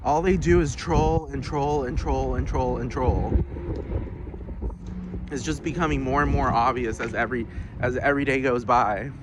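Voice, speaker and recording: A man's voice: mid-range voice, fairly even intonation, moderate pace, noisy background. A man vlogging a heated, profane rant with many restarts, outdoors. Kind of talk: casual ranting monologue.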